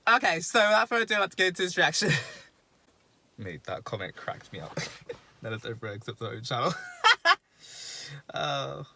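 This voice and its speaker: A man's voice: fairly high pitch, big pitch swings, normal speed, vocal fry, long pauses, pushed and bright, slight background noise. A British man hosting a reaction video, chatting casually with slang and frequent laughter.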